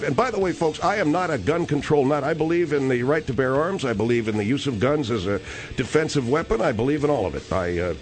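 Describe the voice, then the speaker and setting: A man's voice: medium pitch, expressive, quick pace, soft background music. A male talk radio host leading a comedic call-in show, pressing his caller with incredulous questions.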